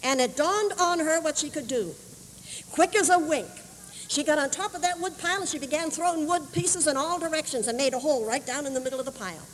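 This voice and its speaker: A woman preacher telling a sermon story, animated and acting out voices, on an old camp meeting tape. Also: high-pitched, a little fast, slight background noise. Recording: 1981 camp meeting tape, roomy hall.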